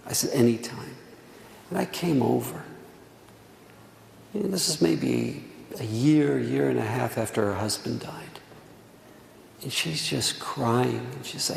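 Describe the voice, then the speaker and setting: A man's voice: medium pitch, slow, creaky, pauses often, a bit bright. A middle-aged man, a rabbi giving a Tisha B'Av sermon, telling stories earnestly and repeating words for emphasis. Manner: earnest storytelling, repeats words for emphasis, drops to near whisper. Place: synagogue hall. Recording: echoey hall, faint room noise.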